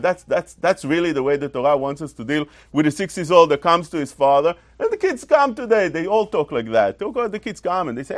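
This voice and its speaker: A man teaches a Torah lesson in a high, very animated voice that swings up and down. He leans on rhetorical questions and repeats himself for emphasis, and the sound is close and dry. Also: a little fast, few pauses, no echo. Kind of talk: religious lesson.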